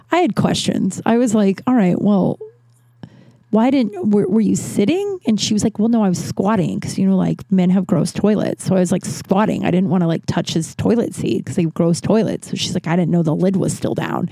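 A woman's voice: medium pitch, mellow, no echo. A young woman hosting a podcast, telling a story in a chatty, filler-heavy way and swearing freely. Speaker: podcast host. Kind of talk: casual storytelling monologue.

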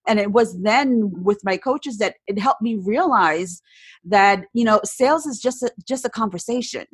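A woman's voice: mid-range voice, moderate pace, slightly rough, dry recording. A woman guest telling candid stories in a casual podcast conversation, often quoting her own thoughts aloud. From New Jersey, USA. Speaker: entrepreneur guest.

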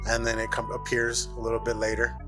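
A man's voice: medium pitch, completely flat delivery, fast, music in the background. A man co-hosting a podcast in loose, profane casual chat, laughing often. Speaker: podcast co-host.

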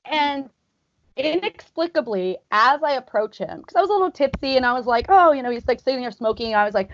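A woman from Arizona chatting casually, telling animated stories and laughing often as she talks. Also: high voice, brisk, no room sound, dull audio. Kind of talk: casual chat. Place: rooftop, outdoors.

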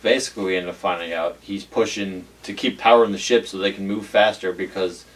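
A man's voice: sits low, steady tone, a little fast, far from the mic, low-quality recording. A man co-hosting a podcast, chatting casually about a TV episode in a rambling, filler-heavy way and acting out quotes. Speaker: podcast co-host. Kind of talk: casual chat recapping a TV episode. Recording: voice a bit off-mic.

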